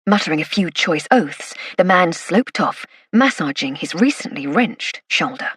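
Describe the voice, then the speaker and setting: A woman narrating a first-person mystery audiobook in a brisk, wry manner. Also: fairly low pitch, lively intonation, a bit bright, husky, no echo. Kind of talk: scripted narration. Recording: dry close studio read.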